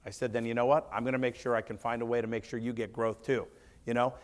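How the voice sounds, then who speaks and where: A man's voice: medium pitch, fast. A man speaking at a business seminar, telling a story and acting out his conversations with staff, with many restarts. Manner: animated storyteller acting out dialogue, lots of restarts. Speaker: seminar speaker, martial arts school owner. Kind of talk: storytelling talk to a seminar audience.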